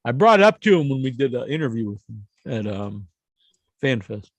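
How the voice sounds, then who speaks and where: A man hosting a casual podcast panel chat, lively and often restarting his sentences. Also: mid-range voice, moderate pace, no room sound. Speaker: podcast host.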